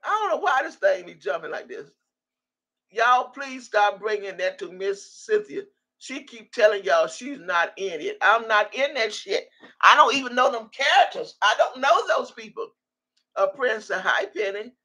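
A woman's voice: mid-range voice, lively intonation, normal speed, pushed and bright. A woman in her sixties hosting a casual livestream, reading viewer comments aloud in a loose, salty way and laughing often.

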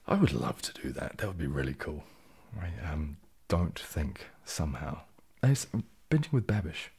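A man hosting a relaxed, jokey live stream, reading out and answering viewer comments, a little tipsy from champagne and sometimes dropping into a whisper. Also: rumbling low, moderate pace, vocal fry, slightly rough. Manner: laid-back and jokey, drifting into soft whispers. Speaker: ASMR channel host.

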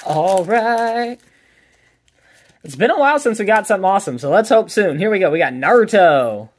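A man's voice: high-pitched, lively intonation, normal speed. A man hosting a card pack opening, chatting casually and calling out each card as he pulls it. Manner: upbeat, chatty, calls out each card as pulled. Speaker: card collector and channel host.

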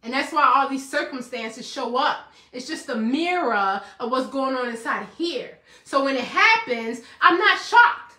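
High, bright-voiced woman preaching self-love. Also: animated, unhurried, hardly any pauses, echoey room. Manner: preachy, calls listeners baby, casual slang. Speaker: host of a healing show. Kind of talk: motivational live talk.

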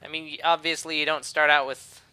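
A man's voice: a little high, flat delivery, fairly quick, sharp tone. A young man doing casual let's-play commentary, rambling and sarcastic, talking back at the game. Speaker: gameplay commentator.

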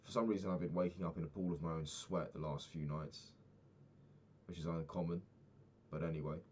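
A man's voice: low voice, fairly even intonation, brisk, darkish tone, dull audio, a little hiss or hum. A young man chatting casually about his day over a video game, rambling and swearing freely. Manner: rambling, sweary, self-mocking, frequent restarts. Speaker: vlogger. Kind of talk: casual daily diary talk over gameplay.

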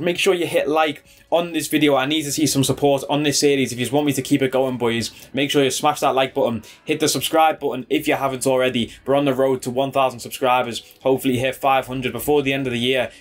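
A man talking over his football game as he plays, reacting loudly to each chance and foul. His voice sits at an ordinary middle pitch for a man, and he keeps up a chatty, excitable running commentary aimed at his viewers. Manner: excitable, calls viewers bro and boys. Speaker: gaming YouTuber. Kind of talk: casual gameplay commentary.

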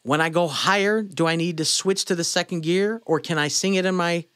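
A man's voice: a little high, fairly quick, a bit bright, smooth, no room sound. A male vocal coach giving a casual singing lesson in a blunt, opinionated way, breaking off to demonstrate sounds with his own voice.

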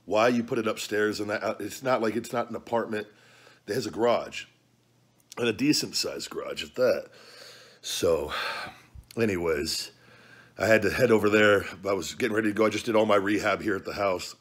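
Low, husky-voiced man chatting casually. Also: normal speed. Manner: loose, joking, profane banter. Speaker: vlog host. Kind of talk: casual vlog talk during a hot food challenge. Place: at home.

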